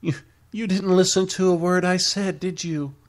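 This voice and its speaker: A man voicing a lovesick young girlfriend in a whimpering, plaintive high falsetto. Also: steady tone, moderate pace, lightly acted. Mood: nagging.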